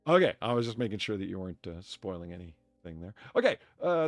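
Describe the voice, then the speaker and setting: A man's voice: lowish voice, very animated, fast talker, hardly any pauses, no room sound. A man hosting a casual chat, telling stories animatedly and laughing often. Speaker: streamer bartender host.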